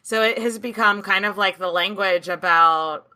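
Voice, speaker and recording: Bright-voiced chatty woman podcaster. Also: mid-range voice, smooth. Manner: chatty, swears casually, quick asides. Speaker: podcast co-host. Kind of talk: casual history chat.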